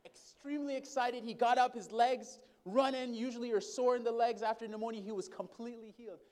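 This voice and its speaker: A man's voice: very high voice, steady tone, brisk, a little mellow. A man preaching a sermon who tells a story, calls out to the congregation as brothers and sisters, and asks them for responses.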